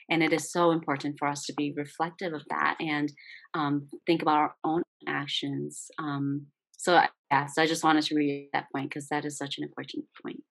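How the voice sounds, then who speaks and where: A woman's voice: sits low, gravelly. A woman speaking as a panelist, earnest, often checking in with "right?" and "um". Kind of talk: casual panel discussion.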